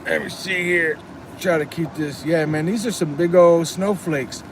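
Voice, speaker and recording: A man's voice: on the high side, fairly even intonation, unhurried, a little hiss or hum. A man chatting casually on a live stream, earnest and rambling, reading chat comments aloud. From Texas.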